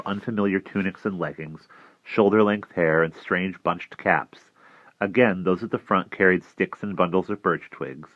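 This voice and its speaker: A man reading a novel aloud, measured, with small restarts. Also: low voice, no echo. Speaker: narrator. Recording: dry, slightly dull recording.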